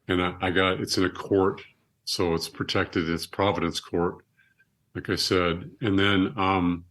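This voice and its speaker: Very low male voice, middle-aged, earnest storytelling, reflective podcast guest. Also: level tone, a little slow, fairly bright tone. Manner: reflective, earnest, with frequent restarts. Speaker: guest, surgeon and author. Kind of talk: conversational storytelling.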